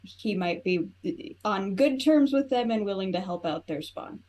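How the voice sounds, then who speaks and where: A woman's voice: medium pitch, expressive, moderate pace, dark tone. A woman playing a tabletop game, describing her character's actions in a playful, chatty way. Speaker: player.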